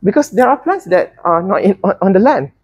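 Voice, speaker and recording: A woman's voice: medium pitch, lively intonation, brisk, a little mellow, husky, no room sound. A woman teaching a botany class, chatty and teasing, often restarting her words. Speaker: botany lecturer. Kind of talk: classroom lecture.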